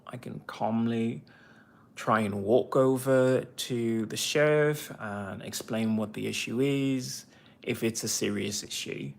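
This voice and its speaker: A man speaks slowly on his livestream, his voice rough with a gravelly fry. He rambles, swears freely and turns from viewers' comments to bitter complaints in a mid-pitched tone. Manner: rambling, bitter and profane ranting; reads and answers viewer comments. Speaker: veteran livestreamer. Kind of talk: casual livestream monologue.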